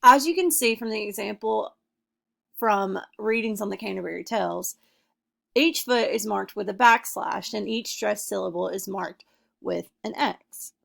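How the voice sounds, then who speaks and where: A young woman giving a class presentation, reading her points in an earnest, measured way. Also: medium pitch, creaky, fairly bright tone. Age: young adult. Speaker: student presenter. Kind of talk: class presentation, read from notes.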